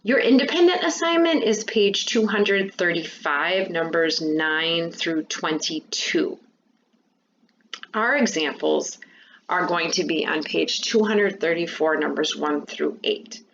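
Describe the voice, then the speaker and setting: A woman teacher giving a remote lesson to fifth and sixth graders, explaining patiently and clearly. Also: fairly low pitch, expressive, slow pace, a bit bright, dull audio, slight background noise.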